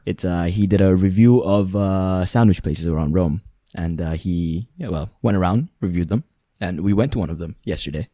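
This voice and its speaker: A man's voice: deep voice, normal speed, few pauses, dark tone, no echo, clean studio sound. A young Italian man, a native Italian speaker, co-hosting a podcast in easygoing, joking chat. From Italy. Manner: easygoing, joking, repeats himself. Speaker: podcast co-host. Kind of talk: casual chat.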